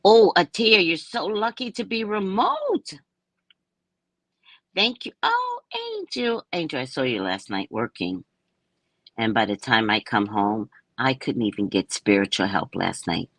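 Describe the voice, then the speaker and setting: A woman's voice: rumbling low, huge pitch swings, unhurried, fairly bright tone, dry recording. A woman in her sixties, chatting casually and playfully with viewers on a live stream, laughing as she talks. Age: 60s. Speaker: live stream host and psychic reader. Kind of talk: casual live chat answering comments.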